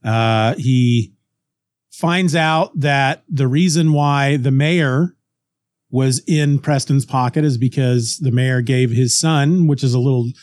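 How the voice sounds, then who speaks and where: A man co-hosting a podcast, casually retelling a comic story with lively restarts and snippets of character voices. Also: medium pitch, takes it slowly, no echo, clean studio sound. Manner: animated retelling, acts out characters' lines, frequent restarts. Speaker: podcast co-host.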